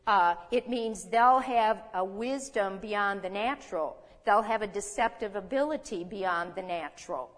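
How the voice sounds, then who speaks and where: A woman's voice: medium pitch, measured pace, few pauses. An older woman in her seventies giving conversational Bible teaching as a teacher, folksy, with chuckling asides and rhetorical questions. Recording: reverberant hall.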